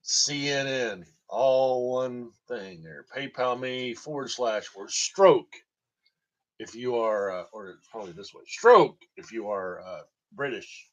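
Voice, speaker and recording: A man's voice: mid-range voice, takes it slowly. Rambling joking man. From Tennessee, USA. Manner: joking, rambling, laughs at own jokes. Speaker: storytelling vlogger. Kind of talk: rambling comic storytelling. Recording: dull lo-fi recording.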